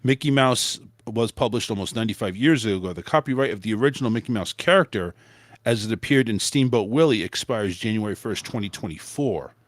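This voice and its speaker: Male host, lively rambling chat, dry close sound. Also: fairly low pitch, a little fast, no echo. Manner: loose, rambling delivery with frequent restarts and mild swearing. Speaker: podcast host. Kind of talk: casual chat.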